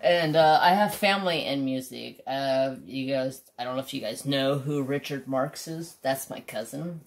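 Working on a diamond painting, a middle-aged man who hosts a craft channel chats bluntly and meanders, swearing freely. He has a mid-range voice and a moderate pace.

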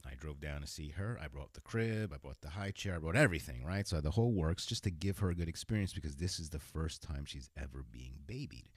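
A male podcast host with a low voice tells a story from his own life in a casual way. He speaks frankly and often restarts sentences. The sound is close and dry. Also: brisk, few pauses, husky, no room sound. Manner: frank and conversational, with repeated fillers and restarts. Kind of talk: casual first-person storytelling.

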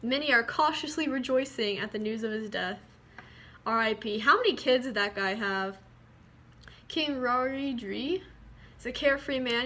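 A woman talks through a strategy game in casual commentary, chatty and loose, swearing freely and reading the on-screen text aloud. Her voice sits a little high and sounds bright and crisp, with a faint hiss in the background. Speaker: gaming video creator.

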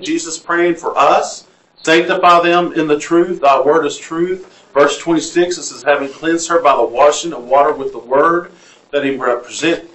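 A man's voice: medium pitch, a bit bright. Southern man preaching in an echoey church. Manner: asks the room questions and reads scripture aloud. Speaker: pastor. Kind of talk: interactive sermon. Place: church sanctuary.

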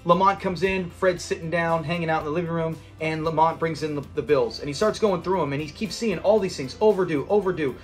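A man's voice: on the high side, a little fast, few pauses, faint music behind. A man hosting a casual episode review, chatty and rambling, laughing as he retells scenes. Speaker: channel host reviewing a sitcom episode.

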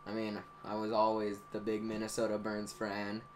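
A man's voice: on the low side, moderate pace, a little hiss or hum. Rambling, foul-mouthed teenage gamer guy. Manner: rambling, profane, excitable storytelling. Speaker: gaming YouTuber. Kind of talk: casual anniversary vlog monologue.

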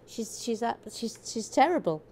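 A woman's voice: a little high, big pitch swings, moderate pace, darkish tone, a little hiss or hum. Chatty, jokey woman, stream host reading out viewer comments mid-build. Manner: chatty, jokey, self-interrupting. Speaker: livestream host building a brick set. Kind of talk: casual chat while reading viewer comments.

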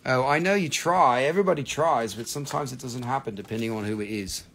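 A man's voice: medium pitch, fast, gravelly, fairly bright tone. A man hosting a live rock and mineral sale, chatty and joking, with casual swearing. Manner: joking, profane and chatty, teasing viewers. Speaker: host selling rocks and minerals on a livestream. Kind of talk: casual live sales chat.

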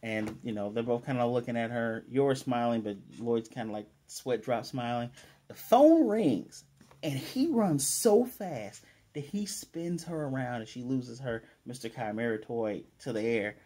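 Man, anime review host, casual recap, warm mellow tone, lively quoting. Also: medium pitch. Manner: animated, quotes characters in quick paraphrase.

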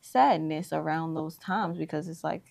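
A woman's voice: low-pitched, moderate pace, creaky, a little mellow. A young woman, chatting casually as co-host and telling stories animatedly, laughing often. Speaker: co-host, daughter. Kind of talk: casual chat.

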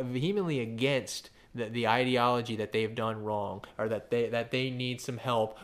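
A male pastor preaching a sermon, emphatic and full of rhetorical questions, often stumbling and restarting his phrases. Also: mid-range voice.

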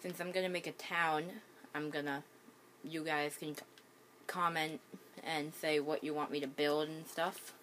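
A woman's voice: low voice, flat delivery, unhurried, a bit bright, a little hiss or hum. A woman with the hiccups giving casual gameplay commentary at home, hesitant, with many ums and restarts. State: has the hiccups. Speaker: gaming channel host.

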